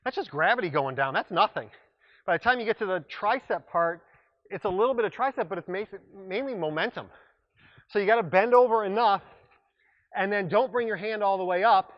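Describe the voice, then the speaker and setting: Upbeat, joking fitness instructor. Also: male voice, high-pitched, expressive, fairly quick, muffled recording. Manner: upbeat, joking, breaks off mid-sentence. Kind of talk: coaching a workout class. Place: exercise room.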